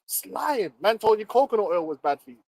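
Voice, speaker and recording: A man holds forth on a live chat stream, heated and profane, jabbing at each point. His voice sits high for a man, and the sound is close and dry with no room around it. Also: fairly quick, dry recording, rough recording. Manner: emphatic, profane, animated ranting. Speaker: livestream co-host.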